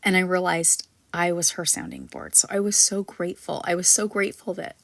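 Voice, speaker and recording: A woman past middle age who has a granddaughter, hosting a spiritual panel in casual, rambling talk full of ums and likes, sometimes dropping to a soft near-whisper. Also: lowish voice, wildly swooping pitch, a little fast, creaky, no echo. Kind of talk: casual live-stream talk.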